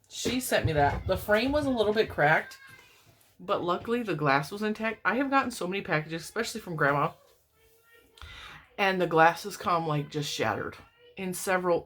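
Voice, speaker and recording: At home with the TV on, a middle-aged woman who makes crochet videos opens mail from her viewers and chats casually at a normal speed. Her slightly low voice wanders from topic to topic, jumps higher whenever something excites her, and is broken up by frequent laughter.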